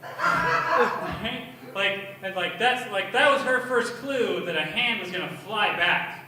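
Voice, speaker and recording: High, bright young man doing crude stand-up. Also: unhurried, a little hiss or hum. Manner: crude, self-mocking, energetic storytelling. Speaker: stand-up comedian. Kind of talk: open mic stand-up. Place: bar open mic stage. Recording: echoey bar from far off.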